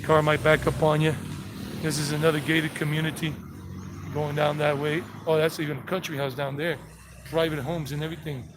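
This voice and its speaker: Walking residential streets as traffic passes, a Southern-accented man from South Carolina and Georgia, USA, rambles through a live-streamed street tour and greets his viewers. He speaks briskly in a higher, flat voice, and background noise is audible.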